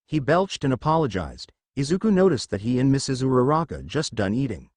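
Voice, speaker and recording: A man reads a fan fiction story aloud in a plain storytelling manner. His intonation is lively and varied, and the sound is dry and close to the mic. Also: medium pitch, moderate pace, dry recording. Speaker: narrator.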